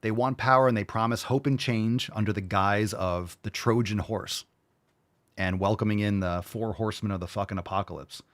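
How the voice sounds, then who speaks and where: A man's voice: on the low side, steady tone, normal speed, no room sound. A man hosting a reaction show, ranting bluntly and mockingly with lots of swearing. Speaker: host reacting to videos.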